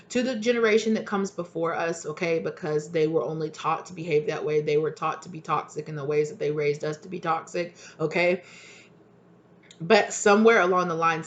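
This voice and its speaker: A woman's voice: low-pitched, dull audio. A young adult woman, a tarot reader, talking casually to camera in a heated, passionate rant with swearing.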